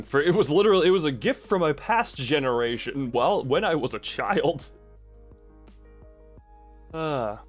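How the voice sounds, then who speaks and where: A man chatting casually on a stream, rambling and self-deprecating, into a desk microphone at home. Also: medium pitch. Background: soft background music.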